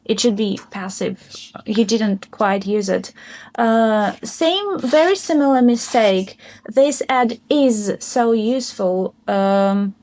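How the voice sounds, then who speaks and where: Woman examiner, higher voice, upbeat feedback, dry sound. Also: darkish tone, dry recording. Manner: encouraging, frequent laughs, quick bursts. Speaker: IELTS speaking examiner. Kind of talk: mock exam feedback.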